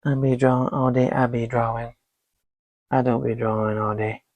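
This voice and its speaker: A man's voice: mid-range voice, level tone, moderate pace, no room sound, muffled recording. A young man hosting his painting vlog, chatting loosely and swearing while he paints. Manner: rambling, loose and profane. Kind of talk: casual chat while painting.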